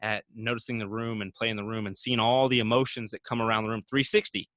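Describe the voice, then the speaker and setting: Forceful man hosting a podcast. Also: on the low side, little pitch movement, quick pace, no echo. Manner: encouraging, upbeat, addresses listeners directly. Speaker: podcast host. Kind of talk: casual podcast conversation.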